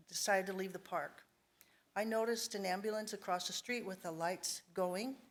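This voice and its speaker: A woman giving her personal testimony at a church service, recounting events in a steady, sober way. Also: mid-range voice.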